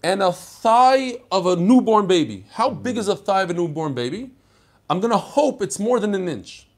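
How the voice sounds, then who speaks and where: A man's voice: high voice, animated, normal speed. An older man teaching a daily Talmud class, chatty and digressive, mixing Hebrew and Yiddish terms into his talk. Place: study hall.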